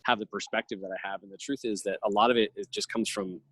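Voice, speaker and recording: A reflective man in his thirties talks in long, earnest stretches, with a slightly low voice. He sounds close and dry, with no room sound around him. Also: fairly even intonation, fast, a bit bright, slightly rough, no echo, poor audio. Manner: earnest, reflective, speaks in long thoughtful runs. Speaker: podcast guest. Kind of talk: casual conversational interview.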